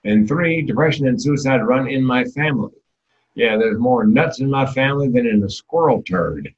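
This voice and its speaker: A man's voice: medium pitch, animated, moderate pace, lo-fi sound. Man joking darkly in a keynote. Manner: candid, dark self-deprecating humor. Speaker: keynote speaker and comedian. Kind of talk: comedic keynote talk.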